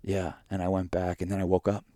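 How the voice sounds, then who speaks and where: A man co-hosting a podcast, telling a vivid dream in animated, casual chat full of fillers. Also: low-pitched, quick pace, no room sound, studio quality. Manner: animated storytelling with many fillers. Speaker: podcast co-host.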